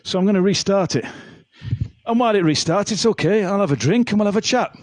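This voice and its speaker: A man's voice: high voice, lively intonation, quick pace, a little mellow, dry recording. Chatty man hosting a home live stream. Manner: chatty, reads out viewer comments. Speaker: livestream singer and host. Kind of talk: casual live-stream chat and singing. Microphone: home setup with laptop and phone. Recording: faint backing music.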